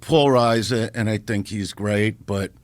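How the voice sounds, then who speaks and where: A man, a comedian guest on a podcast, telling a showbiz story in a brash, profane, animated way, building to punchlines on a close studio mic. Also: lowish voice, a little slow, no room sound.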